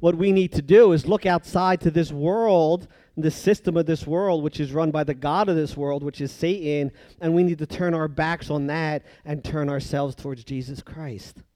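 A man preaching a sermon, moving between loud emphatic passages and hushed, drawn-out phrases. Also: on the high side, no room sound.

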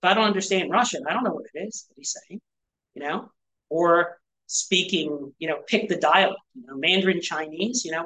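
At a small church gathering, a male pastor gives a conversational sermon packed with rhetorical questions, asides, and frequent "right?" and "you know." His voice is on the high side, pushed and bright, and the audio quality is poor.

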